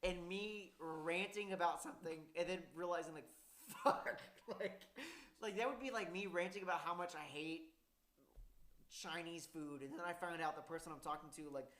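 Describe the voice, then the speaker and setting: A man's voice: fairly high pitch, normal speed. Profane rambling young man, echoey room. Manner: profane, rambling, gets loud and laughing when worked up. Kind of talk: casual storytelling chat.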